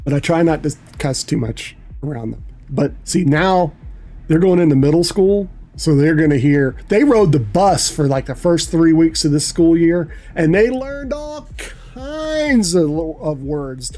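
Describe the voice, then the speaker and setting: A man's voice: fairly high pitch, animated, unhurried, darkish tone. A middle-aged man chatting casually on a livestream, telling rambling, profane stories. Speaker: livestream host. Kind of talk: casual chat.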